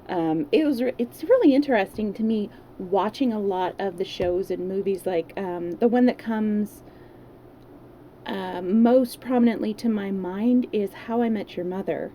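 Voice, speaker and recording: A woman's voice: mid-range voice, a little slow, mellow, a little hiss or hum. A woman from California with a Californian accent, chatting casually on a livestream and then reading a novel aloud. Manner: chatty, rambling, many fillers. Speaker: livestream storyteller. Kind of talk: casual chat and read-aloud.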